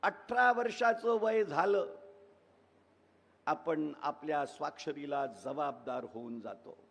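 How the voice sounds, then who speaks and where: Racing through a formal ceremonial address, a man in his seventies with an Indian English accent speaks in a slightly high, creaky voice. As convocation speaker, he is emphatic and oratorical, stacking repeated phrases, and the large hall gives the recording an echoey reverb.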